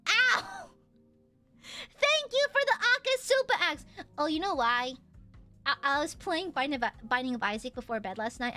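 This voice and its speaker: A woman streamer in casual livestream chat, reading donations with melodramatic mock suffering and yelling at her chat. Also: high-pitched.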